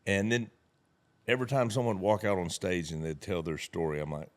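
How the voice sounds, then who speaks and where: A man with a drawl who spins folksy stories in a relaxed chat. He acts out every line of dialogue himself. His voice sits on the low side. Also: brisk. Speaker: network marketing leader. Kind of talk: casual chat.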